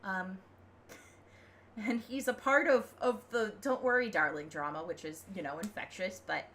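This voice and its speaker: A young woman from the United States talks through a casual livestream. She rambles and sounds opinionated, full of fillers and quick laughs, and her voice sits at an ordinary middle pitch for a woman. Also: fairly bright tone, a little hiss or hum. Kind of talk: casual chat.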